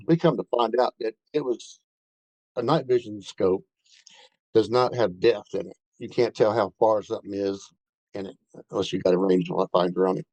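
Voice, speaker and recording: A man's voice: on the low side, dark tone, no echo, rough recording. A man telling a rambling first-hand story in a casual way, with many fillers and restarts. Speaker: bigfoot researcher telling an encounter.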